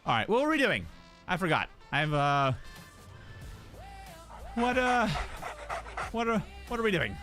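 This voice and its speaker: Lively, bright-voiced man streaming games. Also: high voice, unhurried, long pauses, soft background music. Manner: animated storyteller who acts out voices and jokes. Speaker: game streamer. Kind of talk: casual live-stream chat.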